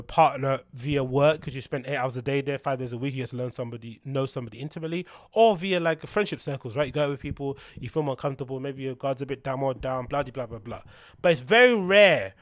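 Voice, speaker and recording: A young man, rambling through a casual podcast monologue, swearing freely and getting animated when he tells stories. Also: mid-range voice, fast, no echo. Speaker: podcast host.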